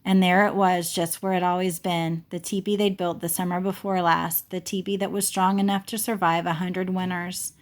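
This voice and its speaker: A woman reading a children's novel chapter aloud in an unhurried way, fixing small slips as she goes. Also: fairly low pitch, little pitch movement. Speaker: audiobook reader.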